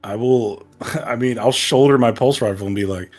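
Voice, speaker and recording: A man's voice: medium pitch, moderate pace, a little mellow, faint music behind. A young man playing a tabletop game, joking and self-mocking. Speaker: player. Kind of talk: casual tabletop play.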